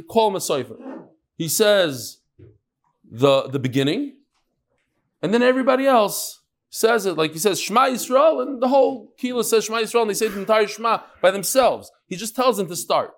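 A middle-aged man teaching a daily Talmud class with lively storytelling and quick asides. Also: high voice. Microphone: on Zoom.

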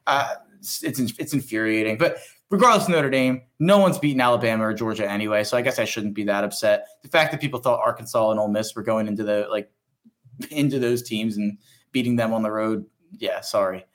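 A man's voice: on the low side, a little fast, fairly bright tone. A young man co-hosting a casual sports podcast, rambling and self-deprecating, swearing freely. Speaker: podcast co-host.

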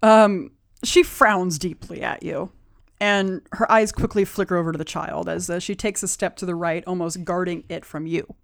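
A woman narrating a tabletop game as game master, describing scenes with soft asides. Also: fairly low pitch, fairly even intonation, normal speed, creaky.

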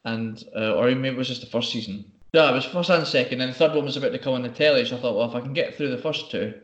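A man's voice: medium pitch, quick pace. A man telling rambling stories in casual chat. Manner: rambling storyteller, acts out quotes. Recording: roomy, dull lo-fi sound.

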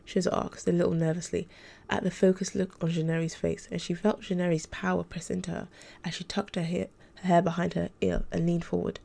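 A woman narrating an audiobook in a steady, plain reading voice. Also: on the low side, fairly quick, vocal fry.

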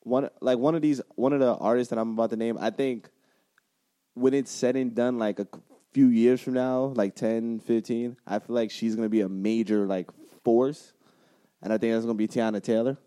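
A young man with a mellow, warm voice hosts a casual podcast. He talks easily but hesitantly, filling pauses with "like" as he searches for words. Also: mid-range voice, fairly even intonation. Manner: easygoing, hesitant, many fillers. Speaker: podcast co-host.

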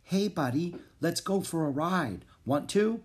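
A man's voice: fairly high pitch, animated, pitched above the performer's own voice. A man voicing Annie, a cheerful, kind young girl, in a storybook reading. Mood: eager. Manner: bright, kind, quick to comfort.

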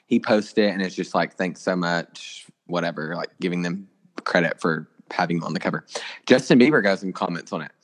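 Chatty young man, lowish voice. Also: fast talker. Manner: chatty, gossipy, lots of filler words. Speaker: podcast co-host. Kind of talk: casual celebrity gossip chat.

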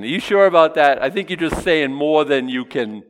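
A man's voice: on the high side, expressive, a little fast, few pauses. A man preaching a casual, humorous sermon, stopping to joke and voice imagined objections. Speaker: pastor. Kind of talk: sermon with verse-by-verse teaching.

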